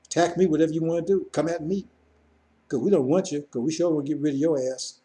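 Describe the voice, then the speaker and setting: A man's voice: a little high, fairly even intonation, quick pace, warm tone. A man preaching a sermon, repeating points and addressing listeners directly with frequent asides.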